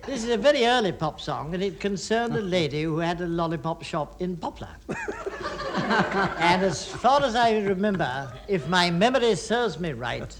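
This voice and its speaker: A man with a high voice spins a jovial anecdote for a panel game. The old broadcast carries a faint hiss. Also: animated, moderate pace. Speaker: comedy panelist. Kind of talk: radio panel show banter. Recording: hissy 1960s radio broadcast.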